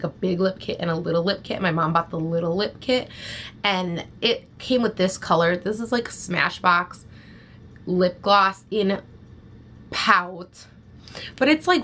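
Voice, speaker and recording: A young woman talks through her makeup in a loose, rambling way, blunt about what she dislikes. Her voice sits at a middle pitch, and a faint hiss of noise runs under it. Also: fairly bright tone. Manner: blunt, chatty, rambling with many "like"s. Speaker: beauty vlogger. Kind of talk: casual product review chat.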